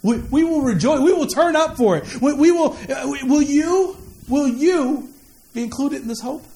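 A man's voice: very high-pitched, expressive, moderate pace, mellow. A man preaching a sermon in a conversational way, repeating words and asking the listeners questions. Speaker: pastor.

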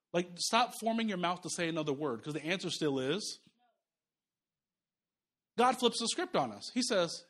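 A man in his thirties delivers a lively sermon in a notably high voice. He is playful and animated, jumping from hushed asides to loud, punchy lines. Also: quick pace. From Jamaica. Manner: animated, playful, acts out voices with sudden swings in pitch and volume. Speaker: pastor.

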